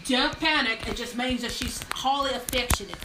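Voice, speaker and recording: A woman's voice: high voice, normal speed, very noisy, natural voice. A woman voicing a cheery outback wrangler in a put-on Australian accent, telling tall tales with laughs. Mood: boastful.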